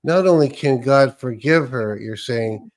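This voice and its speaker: A man's voice: mid-range voice, a little slow. A man hosting an interview, restating his guest's point and affirming her. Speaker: host.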